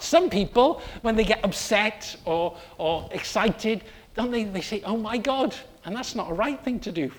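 Preacher, sermon, unhurried delivery, earnest and repetitive. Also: mid-range voice. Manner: slow, earnest storytelling with repetition.

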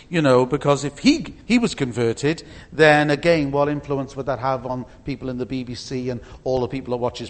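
A middle-aged man gives an informal church talk with slides, chatty and full of anecdotes, asides and restarts. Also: medium pitch. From Britain. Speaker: speaker at a church meeting.

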